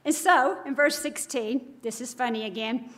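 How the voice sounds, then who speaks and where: Woman w a high voice doing a devotional bible talk, earnest, keeps asking questions. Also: normal speed, fairly bright tone. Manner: earnest, emphatic rhetorical questions. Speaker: Bible teacher.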